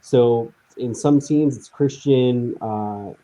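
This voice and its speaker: A man's voice: medium pitch, takes it slowly, poor audio. A man and indie filmmaker talking plainly in a casual live chat, with frequent restarts. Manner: relaxed, matter-of-fact, talks in short restarts.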